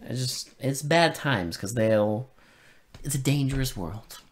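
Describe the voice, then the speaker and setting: A man co-hosting a podcast, chatting casually about a film with deadpan sarcasm and plenty of swearing. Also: medium pitch, slow, a little hiss or hum. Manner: sarcastic, profane, deadpan irony. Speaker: podcast co-host. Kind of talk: casual film review chat.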